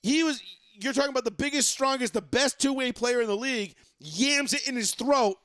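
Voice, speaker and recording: A man's voice: very high-pitched, brisk, fairly bright tone, dry recording. A man hosting a casual sports talk podcast, ranting and swearing, mocking fans, into a close mic. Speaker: podcast host.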